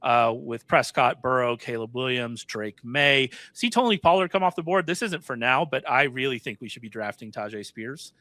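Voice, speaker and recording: A man talking through a fantasy football draft in casual chat, chatty and quick to correct himself. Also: mid-range voice, expressive, bright, forceful tone, dry recording. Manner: chatty, self-correcting, laughs often.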